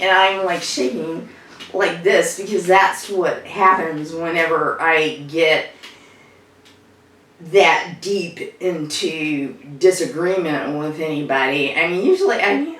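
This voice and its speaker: Actress as a social worker, improvised monologue, slow rambling delivery, low-ish voice. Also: female voice, lively intonation, bright, forceful tone, full character voice. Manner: rambling, conversational storytelling with fillers. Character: adult woman social worker recounting a family row. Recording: echoey room, distant mic.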